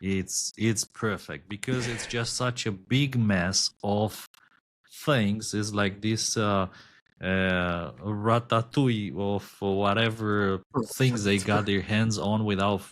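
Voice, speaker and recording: Low-voiced man. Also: steady tone. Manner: measured, many filler ums. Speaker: podcast co-host. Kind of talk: casual chat.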